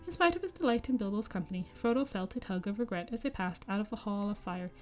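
A woman podcast host reads a book aloud at a middle pitch, then breaks off for chatty, enthusiastic asides peppered with fillers. Soft music sits faintly behind her voice. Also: expressive, quick pace. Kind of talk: book reading with casual commentary.

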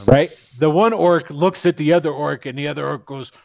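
A man's voice: fairly high pitch, brisk, creaky, dull audio. A man running a tabletop game as game master, casually narrating and acting out the guards. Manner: animated, swearing, acts out orc guards.

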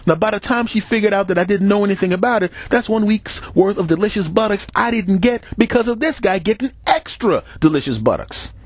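In a casual comic storytelling monologue, a middle-aged podcast host speaks fairly quickly with few pauses, his voice sitting high. He performs the voices of the people in his stories, stays animated and laughs between bits, with no room sound in the recording.

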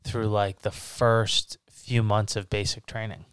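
A man's voice: fairly low pitch, flat delivery, a little slow, a bit bright, smooth, no echo. A young man with a Rhode Island accent, a podcast co-host joking and cursing in easygoing banter over beers. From New England. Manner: joking, profane, laid-back banter. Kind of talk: casual chat over beers.

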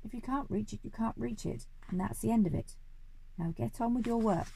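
A woman's voice: fairly high pitch, brisk, creaky, warm tone, slight background noise, voice pushed up. A woman voicing a short-tempered old male duke who bellows his orders, read aloud from a storybook. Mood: blustering. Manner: bellowing, bossy.

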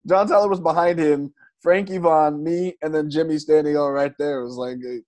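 A male stand-up comedian telling a story in casual chat, animated and swearing, acting out other people's lines. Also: a little high, a little fast.

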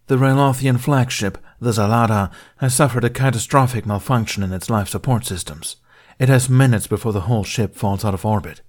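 A man's voice: medium pitch, brisk, voice pushed up, lightly acted. A man reading a fan fiction audiobook, voicing a stern, formal male Jedi master with cold, contemptuous authority.

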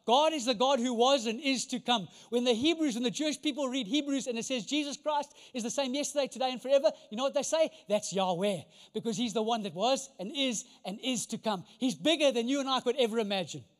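High-voiced man preaching in a hall. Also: fast talker, hardly any pauses. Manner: emphatic preaching with rhetorical questions. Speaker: pastor. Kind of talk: sermon. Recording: long reverb of a large hall.

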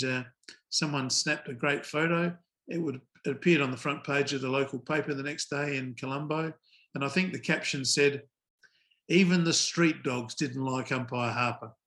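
A man's voice: a little high, normal speed. Older man telling wry stories. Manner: relaxed, wry anecdotal telling with fillers. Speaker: former cricket umpire, guest. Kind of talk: casual interview storytelling.

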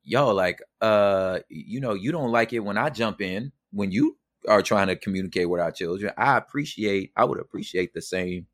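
Middle-aged male guest, slangy and animated, bright tense tone, close and dry. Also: on the low side, normal speed, no echo. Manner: animated, slangy, acts out quotes. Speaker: podcast guest. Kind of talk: casual storytelling.

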